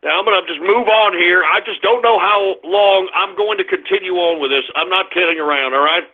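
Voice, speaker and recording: A man's voice: high voice, a little fast. A man hosting a political talk radio show, ranting angrily and cursing at online trolls. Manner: ranting, profane, combative, shouting at trolls. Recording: tinny phone-like lo-fi sound.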